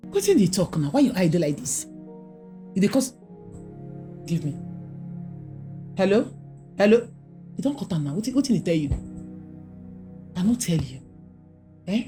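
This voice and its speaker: A middle-aged Nigerian mother who scolds in Pidgin English with big swings of pitch and a piled-up stream of questions. She is protective and emphatic. Faint film music sits under her voice. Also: big pitch swings, moderate pace, long pauses, mellow. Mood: warning. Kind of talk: Nollywood film acting.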